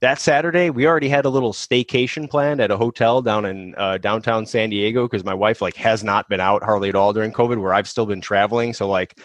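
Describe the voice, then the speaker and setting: A man's voice: on the low side, steady tone, brisk, hardly any pauses, dry recording. A man co-hosting a podcast, telling a story in a casual, blunt way, swearing freely and often restarting his sentences. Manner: blunt and profane, with frequent restarts. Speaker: podcast co-host, Marine veteran.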